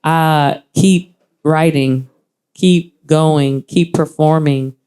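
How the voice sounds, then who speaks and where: Animated Texan woman hosting an open mic. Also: deep voice, drawn-out words, smooth. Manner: animated, acts out voices in quotes, slangy. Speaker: host of a poetry open mic. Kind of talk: live feedback to a performer. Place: live poetry event venue.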